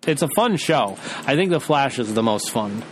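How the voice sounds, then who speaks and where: A man co-hosting a podcast in casual chat, excitable and quick to laugh. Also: mid-range voice, a little hiss or hum. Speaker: podcast co-host.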